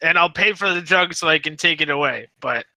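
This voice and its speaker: A man's voice: a little high, fairly quick, bright, forceful tone, no room sound, rough recording. A man playing a tabletop game, talking brashly in character with jokes. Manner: brash, joking. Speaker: player.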